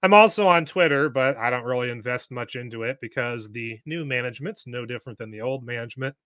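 Male podcast guest, emphatic, bright and forceful tone, dry close sound. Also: medium pitch, fast, dry recording. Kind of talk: casual interview chat.

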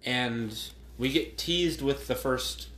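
A man's voice: mid-range voice, takes it slowly, a bit bright. A man co-hosting a podcast, laughing often and recapping a movie's plot in a casual chat. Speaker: podcast co-host. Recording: roomy echo.

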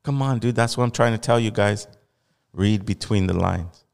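A man's voice: on the low side, moderate pace, vocal fry, darkish tone, clear, resonant tone, in a large hall. A man from Los Angeles hosting a podcast, giving blunt, heated commentary with repeated emphasis. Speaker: podcast host. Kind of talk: casual opinionated commentary.

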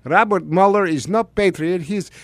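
A man's voice: high-pitched, normal speed, dry recording. A man putting on a boastful older Russian president in a comedic radio impression, with a mock Russian accent and broken English full of denials. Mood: defiant. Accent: put-on Russian.

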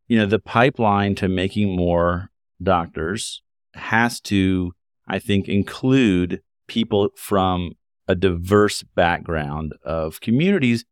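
A man who hosts a podcast and works as an OB-GYN physician, talking in a measured, reflective way. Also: fairly low pitch, no echo, clean studio sound. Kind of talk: casual podcast conversation.

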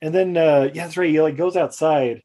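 A man's voice: fairly high pitch, steady tone, brisk. A man co-hosting a podcast, casually retelling a movie plot with lots of fillers and playful quoted voices. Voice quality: mellow, rambling with many fillers. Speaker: podcast co-host. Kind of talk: casual movie recap chat.

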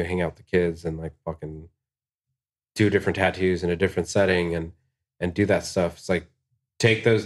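A man, a guest tattoo artist, talking in a laid-back podcast chat, swearing freely and filling his speech with "like". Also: low voice. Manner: laid-back, swears a lot, many "like" fillers. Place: tattoo shop podcast studio.

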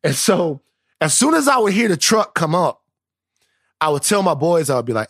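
A man's voice: on the high side, very animated, normal speed, creaky, pauses often, a bit bright, slightly rough. A man, co-hosting a podcast in casual, profane, joking banter. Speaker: podcast co-host.

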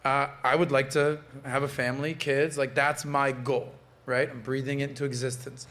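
A man's voice: mid-range voice, flat delivery, moderate pace, a bit bright. A man around forty hosting a podcast, brash, joking and profane in casual chat. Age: late 30s to early 40s. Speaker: podcast host.

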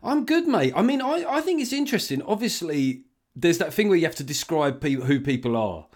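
A man's voice: a little high, sing-song, a little fast, darkish tone. A man hosting a podcast in loose, casual political chat, swearing freely and laughing often. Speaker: podcast host.

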